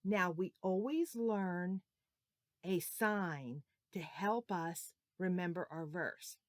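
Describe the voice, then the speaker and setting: A woman teaching a children's Sunday school lesson, talking slowly and playfully, coaxing the kids to repeat after her. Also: on the low side, dry recording, clean studio sound.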